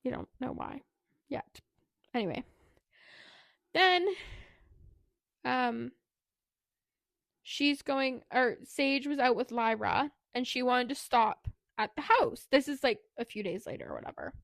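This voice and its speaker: Woman podcast co-host, fairly high voice, chatty plot recap, dry close sound. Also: lively intonation, slow, gravelly, pauses often, a bit bright, no room sound. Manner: chatty retelling, leans on "like" and "anyway". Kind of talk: casual book recap.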